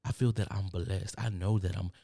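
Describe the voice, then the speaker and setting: A man's voice: sits low, steady tone, moderate pace, vocal fry, mellow, no room sound. A man from Texas with a Texan drawl, hosting a podcast in a rambling, preachy motivational monologue that repeats its phrases. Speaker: podcast host. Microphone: studio microphone.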